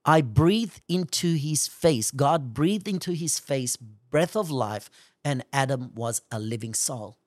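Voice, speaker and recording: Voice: medium pitch, animated, takes it slowly, darkish tone, no echo, clean studio sound. A preacher giving a fervent sermon, often speaking in the first person as God and pressing pointed questions. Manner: fervent, speaks at length in God's voice.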